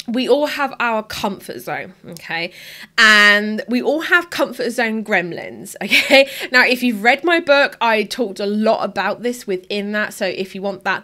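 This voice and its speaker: A woman business coach, maybe in her thirties and from the UK, talking casually to camera and acting out quoted voices. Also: on the high side. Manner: animated, acts out quoted voices.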